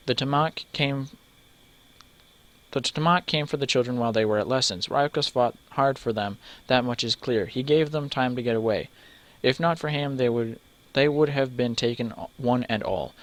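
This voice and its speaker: A man's voice: medium pitch, a bit bright. Man reading a text game aloud. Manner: reads steadily, stumbles over names, breaks off for joking asides. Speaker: let's player.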